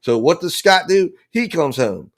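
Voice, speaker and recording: With a slightly high voice, lively intonation and a measured pace, a man hosts a true crime analysis show. He gives passionate legal commentary, speaking bluntly and forcefully, swearing frequently and repeating himself.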